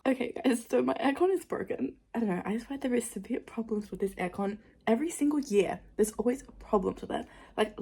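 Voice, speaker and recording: A young woman chatting casually to camera in a rambling, animated way, full of "like" fillers. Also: fairly high pitch, breathy edge. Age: young adult. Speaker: vlogger.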